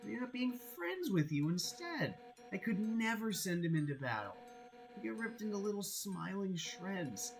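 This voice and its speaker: A man reading a game aloud while voicing a brash, hot-headed female fish warrior captain in a loud, blunt way. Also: sits high, sing-song, normal speed, gravelly, soft background music, voice pushed up, heavily acted, rough recording. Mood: confiding. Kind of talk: reading game dialogue aloud on a live stream.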